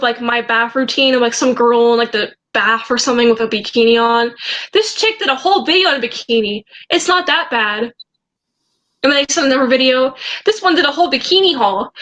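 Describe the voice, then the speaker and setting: A young woman vlogger telling a story in a casual way, reading out chat messages and often pausing to hesitate and restart. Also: high voice, bright, forceful tone, poor audio. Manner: hesitant, halting, with many ums and restarts.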